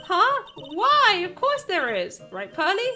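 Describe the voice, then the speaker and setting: A woman's voice: extremely high pitch, wildly swooping pitch, slow, pushed and bright, faint music behind, voice pushed up, full character voice. A woman voicing a perky, teasing young woman with a bouncy delivery.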